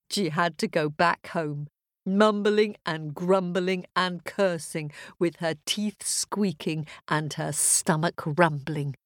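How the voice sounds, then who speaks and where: A woman storyteller narrating a fairy tale for children, expressive and with chanted sound effects. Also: on the low side, slow, no room sound, studio quality.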